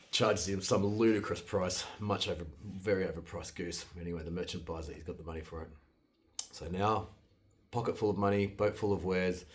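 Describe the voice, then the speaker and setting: A man telling a fairytale in a loose, conversational way, with restarts and sudden jumps in loudness. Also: sits low. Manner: loose retelling with restarts, lively swings in loudness. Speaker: storyteller. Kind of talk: casual fairytale storytelling.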